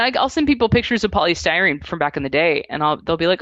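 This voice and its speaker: A woman in her thirties chats casually as a musician guest on an interview show. She tells animated stories and slips into acted-out quotes. Her voice sits slightly low and comes across dull and lo-fi in a dry recording. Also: quick pace, no room sound.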